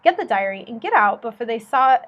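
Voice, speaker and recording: A woman reading the lines of a quick-thinking teenage girl in a novel, slightly lower and quieter than her narration. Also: sing-song, muffled recording.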